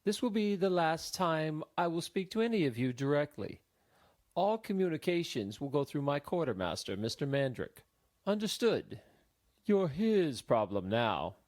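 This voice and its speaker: A man voicing an arrogant, pompous ship captain who proclaims loudly. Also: fairly high pitch, very animated, normal speed, pitched above the performer's own voice. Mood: haughty. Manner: loud, haughty proclamations.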